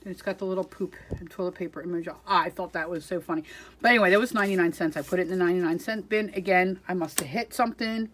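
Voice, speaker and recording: A woman's voice: lowish voice, racing. A woman chatting casually through a crafting haul, chatty and self-deprecating, giggling at herself. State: out of breath.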